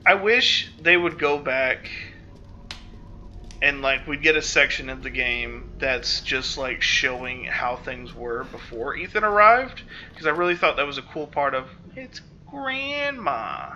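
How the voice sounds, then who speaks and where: A man's voice: mid-range voice, a little slow, pushed and bright, lo-fi sound, slight background noise. A man giving casual gameplay commentary, rambling and self-interrupting, full of fillers. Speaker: let's play host.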